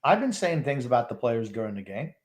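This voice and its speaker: An older New York man co-hosting a sports podcast, gruff and blunt as he offers his opinions. He speaks at an ordinary middle pitch, plainly and without fuss. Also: very animated, brisk, a loud crowd. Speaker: podcast co-host. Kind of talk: live game watchalong chat.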